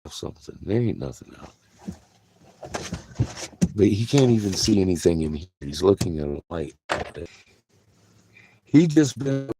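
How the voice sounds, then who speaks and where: A man with a low, gravelly voice talks slowly from inside a vehicle, laughing often and cooing baby talk at a puppy. His tone is dark and mellow, with a faint hiss behind him. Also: big pitch swings. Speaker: vlogger. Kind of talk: casual chat to viewers.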